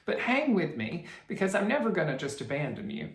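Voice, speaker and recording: A woman's voice: deep voice, huge pitch swings, a little fast, vocal fry. A woman hosting a cross-stitch vlog, chatting casually to her viewers, rambling and restarting her sentences. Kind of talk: casual chat to camera. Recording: roomy echo.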